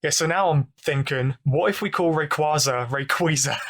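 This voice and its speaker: Higher-voiced British man, easygoing. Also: normal speed, fairly bright tone, breathy edge. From England. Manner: easygoing, self-deprecating, laughs along. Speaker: podcast guest. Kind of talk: casual chat.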